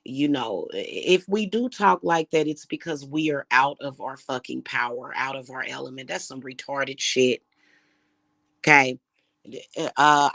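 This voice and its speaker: A woman's voice: a bass voice, fairly bright tone, dry recording. Angry woman ranting, dry close sound. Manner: heated, profane, repetitive ranting. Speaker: spiritual reader and vlogger. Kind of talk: angry monologue vlog.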